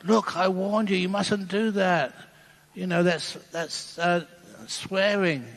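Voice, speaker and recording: A man's voice: high voice, fairly even intonation, slow pace, voice pushed up. A man voicing a prim Catholic nun who scolds someone, in a raised, fussy voice. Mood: scolding. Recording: long hall reverb.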